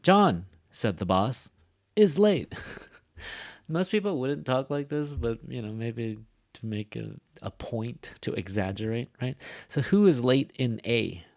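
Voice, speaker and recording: A man's voice: medium pitch, lively intonation, unhurried, vocal fry, a little mellow, dry recording. Casual male teacher, dry sound. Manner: casual, exaggerates intonation for demonstration; frequent fillers and tag "right?". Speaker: ESL pronunciation teacher. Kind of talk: recorded classroom lecture.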